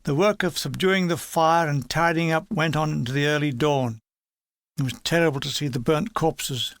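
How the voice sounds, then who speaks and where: A man's voice: on the high side, fairly bright tone, dry recording. An older man reading his own wartime memoir aloud in a dry, wry, matter-of-fact way.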